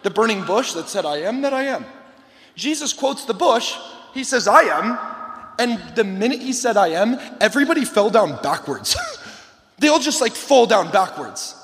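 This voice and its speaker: High-voiced man preaching in a hall. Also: moderate pace, vocal fry. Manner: animated, shouting to a rowdy crowd, playful asides. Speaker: camp guest speaker. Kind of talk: energetic youth sermon. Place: large hall with a live audience. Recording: long hall reverb.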